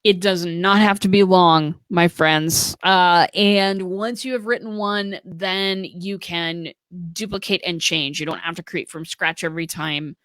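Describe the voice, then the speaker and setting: A woman's voice: fairly low pitch, fairly even intonation, a little slow, few pauses, fairly bright tone, dry recording. An American woman co-hosting a live stream, giving earnest, practical advice with plenty of fillers. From United States. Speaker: co-host. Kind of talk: casual live-stream chat.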